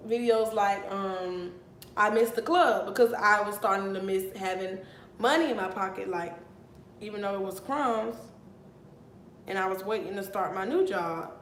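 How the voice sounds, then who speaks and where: A young woman in her twenties tells a wild storytime to her camera, getting animated and outraged and swearing freely. Her voice bounces around a roomy, echoey space with a faint hiss underneath. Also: medium pitch. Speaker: vlogger. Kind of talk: casual storytime. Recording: echoey room with faint noise.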